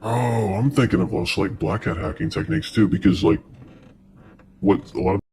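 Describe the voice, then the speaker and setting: A man's voice: lowish voice, moderate pace, background noise. A man co-hosting a podcast, joking loosely in casual chat. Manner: loose, laughing banter.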